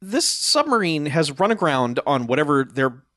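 A man casually recapping a film plot on a podcast, sardonic, muttering the characters' lines low and flat. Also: normal speed, no echo, clean studio sound. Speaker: podcast co-host. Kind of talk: casual movie review chat.

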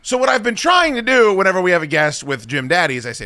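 A male talk-radio host tells an exasperated, profane story and acts out other people's lines. His voice is bright and sits a bit high. It swings widely in pitch, and the studio sound is dry and close. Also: very animated, fast talker, few pauses, no room sound. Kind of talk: casual comic talk radio rant.

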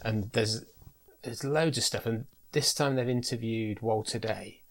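A man's voice: mid-range voice, measured pace. Chatty British man hosting a podcast. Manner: chatty, repeats words while thinking. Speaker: podcast host. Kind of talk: casual podcast chat.

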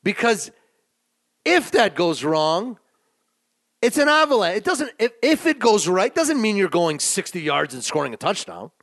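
Emphatic man with a lively pitch. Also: a little slow, dry recording, clean studio sound. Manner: swearing, emphatic, swings between low mutters and excited outbursts. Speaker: podcast co-host. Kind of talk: casual sports betting chat.

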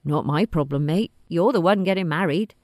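A woman voicing a brash male pig farmer who talks bluntly and loudly, in a storybook reading. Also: on the low side, normal speed, dry recording, studio quality, lightly acted. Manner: blunt, shouting.

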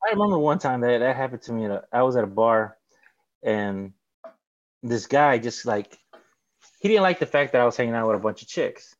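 Relaxed guy telling a story on a podcast, says you know a lot, bit muffled lo-fi mic, dry. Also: medium pitch, a little fast, long pauses, no echo. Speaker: podcast co-host. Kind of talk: casual storytelling chat. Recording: slightly dull lo-fi mic.

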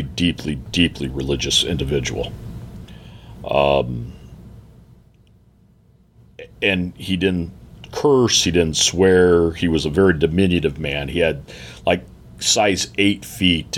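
A middle-aged man sitting at a table, reflectively telling a family story in a halting, heartfelt way with many fillers and restarts. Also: sits low, slight background noise. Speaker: guest. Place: seated at a table indoors.

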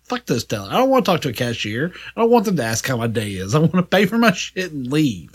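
High, lively sarcastic man. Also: fast talker, breathy edge. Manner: sarcastic, profane, laughs often. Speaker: podcast co-host. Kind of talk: casual podcast banter.

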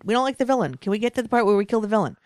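A woman's voice: medium pitch, very animated, rapid-fire, darkish tone, no room sound, clean studio sound. A woman co-hosting a casual comics podcast, laughing often and speaking bluntly with some swearing. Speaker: podcast co-host. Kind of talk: casual podcast chat about comics and films.

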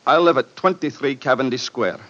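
An actor playing a frightened, excitable man with a weak heart, pleading breathlessly in 1940s radio style. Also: mid-range voice, fairly quick, close to an everyday voice. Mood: alarmed. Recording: dull old radio broadcast.

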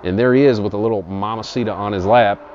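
A man's voice: fairly low pitch, fast, a little hiss or hum. A man telling a rambling, profane comic story in an improvised monologue. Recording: dull lo-fi audio.

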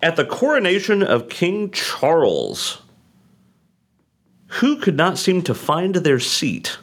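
A man plays quiz master, laughing and teasing as he reads out the questions. His voice swings widely in pitch, and the talk stays loose and chatty. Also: huge pitch swings, slow, a bit bright, breathy edge. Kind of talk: casual podcast quiz.

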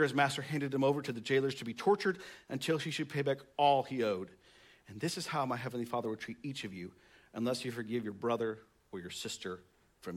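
A pastor preaching a sermon, reading scripture aloud and then commenting on it conversationally, with emphatic rises. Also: male voice, mid-range voice.

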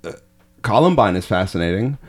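A man's voice: on the low side, very animated, a little fast. A man hosting a casual podcast chat, rambling and laughing, swearing often. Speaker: podcast host.

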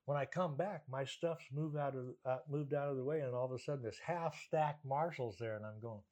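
A man, a guest musician, telling anecdotes in conversation, animated and often laughing as he talks. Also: mid-range voice, fairly quick. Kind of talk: conversational storytelling.

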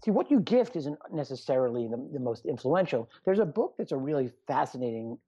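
In a casual interview, a middle-aged man who is a doctor and author rambles as a guest, poking fun at himself. He speaks fairly quickly in a sing-song, medium-pitched voice that's dark and a bit breathy, captured on muffled lo-fi audio.

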